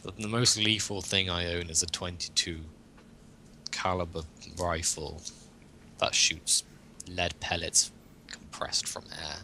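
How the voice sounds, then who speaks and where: A man's voice: deep voice, level tone, slow pace, pushed and bright, a little hiss or hum. A man co-hosting a podcast in a casual, joking chat, rambling along with frequent chuckles. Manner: rambling, jokey, chuckles often. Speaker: podcast co-host.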